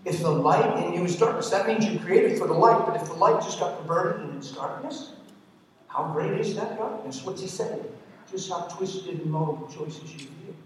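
High-voiced preacher in an echoing hall. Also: male voice, expressive, normal speed, slight background noise. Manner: emphatic, swings from loud to hushed. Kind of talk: sermon. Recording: distant mic in echoey hall.

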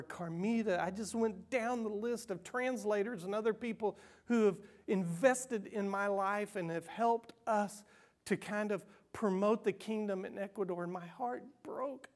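An earnest male pastor delivering a sermon in a personal, conversational way. He pushes some phrases out loudly, then drops to a hushed near-whisper for the tender parts. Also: sits high.

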